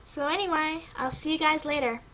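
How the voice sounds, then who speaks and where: A woman's voice: sits high, a little fast. Young woman reading her fanfiction aloud. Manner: lively, playful asides to viewers. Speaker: YouTuber.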